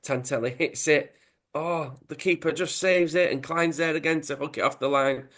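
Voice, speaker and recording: A man's voice: on the high side, moderate pace. Chatty man retelling a comic. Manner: chatty, animated storytelling. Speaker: podcast host. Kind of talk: casual story retelling.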